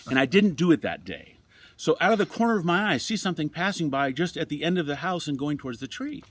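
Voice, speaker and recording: An older man, a retired fire captain, telling lively anecdotes in an interview and then speaking quietly and reflectively. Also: a little high, quick pace, dry recording. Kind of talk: interview storytelling.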